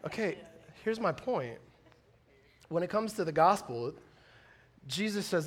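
A man preaching a sermon, animated and conversational, acting out little dialogues and swinging from joking asides to loud, impassioned appeals. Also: a little high, moderate pace, pauses often. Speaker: pastor.

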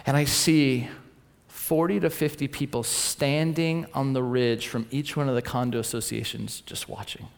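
A man from Southern California preaching a storytelling sermon, acting out voices and swinging from loud to quiet. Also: medium pitch, fairly even intonation, normal speed, creaky, long reverb tail.

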